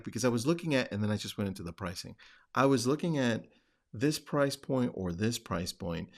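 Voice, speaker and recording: A man with a somewhat low voice and a rough, gravelly edge talks casually, like a coach on his own podcast. He keeps it conversational and now and then acts out phone calls in a livelier voice. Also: lively intonation, brisk. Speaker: podcast host and real estate coach. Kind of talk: casual talk.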